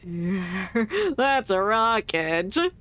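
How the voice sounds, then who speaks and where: A woman's voice: mid-range voice, sing-song, very slow, a bit bright. A woman streaming a game, chatting and reacting playfully with frequent giggles. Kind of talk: casual game commentary.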